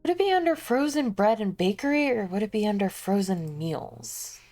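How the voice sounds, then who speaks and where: A young woman streamer chatting casually to her viewers while she shops online, thinking out loud and laughing often. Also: medium pitch, expressive, normal speed, soft background music.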